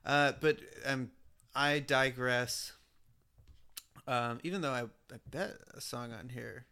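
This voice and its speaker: A man's voice: mid-range voice, slow pace, gravelly, sharp tone, clear, resonant tone. A man co-hosting a casual chat about old records, joking and rambling into asides. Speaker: podcast co-host.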